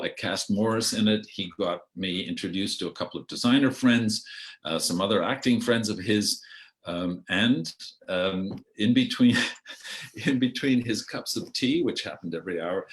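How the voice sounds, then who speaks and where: An older Canadian man with a very low, deep voice tells long stories about his life in theatre, pausing often with ums and restarting his sentences. He talks slowly over a video call and now and then slips into other people's voices. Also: fairly bright tone. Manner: unhurried and hesitant, with many ums and restarts, mimicking voices in anecdotes. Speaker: outgoing artistic director telling his theatre life. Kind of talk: rambling spoken memoir.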